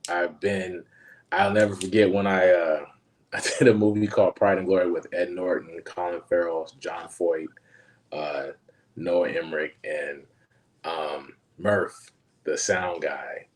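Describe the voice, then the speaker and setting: A male actor with a very low voice shares stories on a casual panel. He talks in a lively way, acting out quotes and laughing as he goes. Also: unhurried. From Los Angeles. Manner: animated anecdotes, acts out quotes; frequent fillers, laughs while telling stories.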